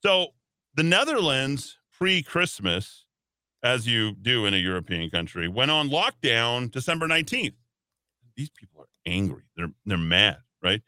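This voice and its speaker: Animated, sarcastic talk radio man. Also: mid-range voice, normal speed, dry recording. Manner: animated, sarcastic and rambling, with mock voices. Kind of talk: opinionated radio commentary. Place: radio studio.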